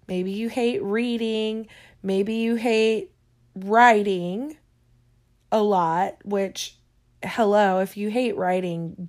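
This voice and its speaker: A woman giving casual, rambling advice to her viewers, pausing often and yawning between points. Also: medium pitch. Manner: chatty, digressive, yawning often.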